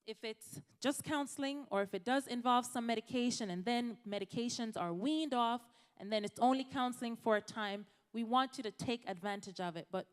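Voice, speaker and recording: Woman doctor from Jamaica, chatty health talk to a church crowd; higher voice, long hall echo. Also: clean tone. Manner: conversational, addresses the audience directly. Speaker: physician speaker.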